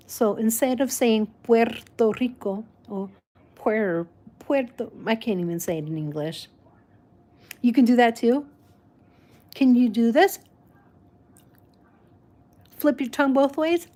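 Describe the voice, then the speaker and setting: A woman whose first language is Spanish, chatting casually and rambling warmly with frequent restarts and laughs. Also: a little high, animated, slow pace, long pauses. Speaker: vlog host. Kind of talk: casual chat.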